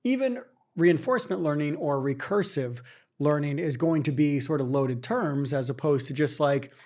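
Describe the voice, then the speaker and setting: A man's voice: on the high side, moderate pace, darkish tone. A middle-aged man co-hosting a podcast, telling anecdotes casually and filling his sentences with "like" and "right?". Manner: storytelling, with many fillers like "like" and "right?". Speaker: podcast co-host. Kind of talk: casual chat.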